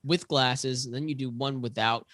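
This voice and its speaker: A man's voice: medium pitch, steady tone, normal speed, a bit bright, no room sound. Laid-back man telling audition stories. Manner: laid-back storytelling with self-deprecating jokes. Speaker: podcast guest, actor and YouTuber. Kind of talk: casual chat.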